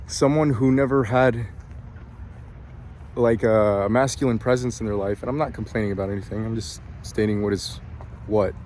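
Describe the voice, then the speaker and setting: A breathy man speaks in a confessional personal vlog. His voice sits at an ordinary middle pitch and has a slightly complaining tone. He stumbles through fillers and restarts while faint outdoor noise hums underneath. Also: darkish tone. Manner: hesitant, many fillers and restarts. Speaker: vlogger.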